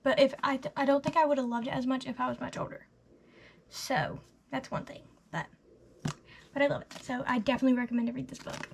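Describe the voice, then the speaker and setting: An eighteen-year-old woman giving a casual, gushing book review, chatty and full of "literally" and "like", often trailing off into soft half-whispers. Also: sits high, fast, vocal fry, a little hiss or hum. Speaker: book vlogger.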